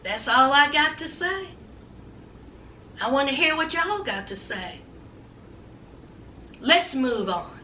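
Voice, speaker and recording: Sassy high-voiced woman calling everyone honey. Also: lively intonation, pushed and bright, echoey room, far from the mic, slight background noise. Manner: sassy, drawn-out, says "honey" often. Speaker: host. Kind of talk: gossip commentary vlog.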